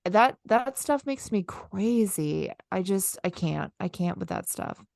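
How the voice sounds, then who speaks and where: Animated woman, dry close sound. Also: measured pace, vocal fry, no echo. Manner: animated, acts out exasperated customer lines with big pitch jumps. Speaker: podcast co-host. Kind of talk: casual chat.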